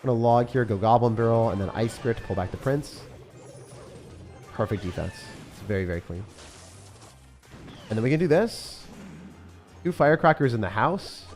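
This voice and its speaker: A man's voice: medium pitch, lively intonation, normal speed, pauses often, faint music behind. A young man chatting casually on a livestream, commenting on his game and answering questions from chat in a self-deprecating way. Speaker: streamer.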